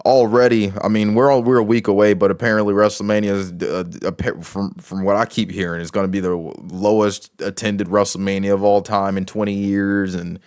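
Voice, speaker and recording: A man's voice: lowish voice, level tone, brisk, few pauses, darkish tone, smooth, no room sound, clean studio sound. A man giving casual commentary as a wrestling show reviewer, rambling with many restarts and fillers.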